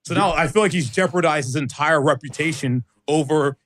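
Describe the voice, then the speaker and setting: A man's voice: fairly high pitch, fairly quick, fairly bright tone. A man chatting casually, thinking aloud with hedges and fillers. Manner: thoughtful, hedging with "like" and "I feel like". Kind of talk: casual chat.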